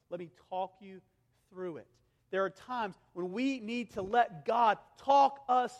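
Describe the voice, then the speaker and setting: A man in his thirties preaching a sermon as a pastor, earnest, moving between emphatic passages and hushed, intimate ones. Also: extremely high pitch. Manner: earnest, swings from loud and emphatic to hushed, intimate near-whispers. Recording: long hall reverb.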